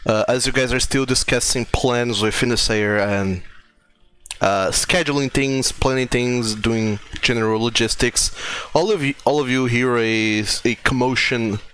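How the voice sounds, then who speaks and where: A man narrating scenes as game master, relaxed and laughing easily. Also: mid-range voice, measured pace, clean tone.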